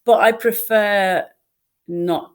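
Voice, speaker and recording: An older woman from Liverpool with a Liverpool accent, telling stories in a casual interview with animated, self-deprecating swoops. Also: medium pitch, slow, clear, resonant tone. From Liverpool, England. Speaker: guest actress.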